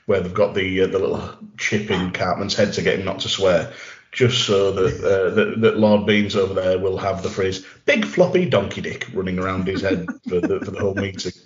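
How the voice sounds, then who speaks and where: A man's voice: low voice, flat delivery, brisk. A man, a podcast guest, telling long rambling stories with wisecracks in casual chat. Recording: roomy lo-fi audio.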